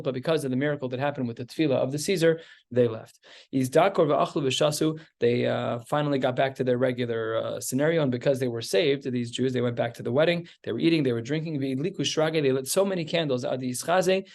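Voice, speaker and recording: A man, a rabbi, teaching a Talmud lesson, reading Aramaic phrases and explaining them in a relaxed, conversational way. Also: medium pitch. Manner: reads Aramaic then translates, conversational.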